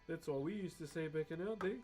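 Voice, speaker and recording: Cheeky New Zealand man streaming live. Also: a little high. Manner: cheeky, laughs often, chats with viewers. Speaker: live-streaming wood carver. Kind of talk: casual live-stream chat.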